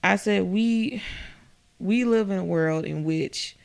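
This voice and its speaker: A woman's voice: slow pace, vocal fry, a little mellow. A young adult woman chatting casually and telling stories from her working life, acting out what others said. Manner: storytelling, quotes people in a higher voice. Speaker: guest. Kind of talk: casual chat.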